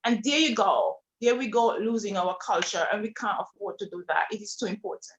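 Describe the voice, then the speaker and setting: A woman's voice: mid-range voice, fairly quick. A woman from Montserrat, speaking earnestly and emphatically as a panelist. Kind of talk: panel discussion. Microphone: video call. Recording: dull lo-fi video call audio.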